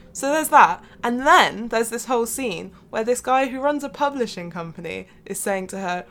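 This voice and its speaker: A woman's voice: fairly high pitch, lively intonation, normal speed, hardly any pauses, a bit bright. A woman co-hosting a casual film chat, wry and chatty, often acting out lines from scenes. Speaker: podcast co-host.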